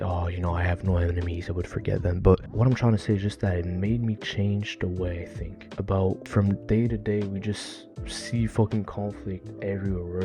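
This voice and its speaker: Low-voiced, profane young man. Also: dark tone. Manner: heated, profane and rambling. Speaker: anime commentator. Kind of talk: casual rant to camera. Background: faint background music.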